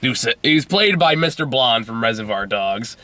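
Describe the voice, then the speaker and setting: A man's voice: mid-range voice, lively intonation, moderate pace, bright, forceful tone. A young man hosting a casual movie review, rambling, laughing often and swearing freely.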